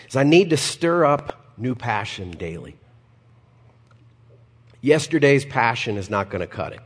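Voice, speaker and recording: A male pastor preaching a sermon, animated and personal, with humorous asides and acted-out quotes. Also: mid-range voice, husky, big-room sound.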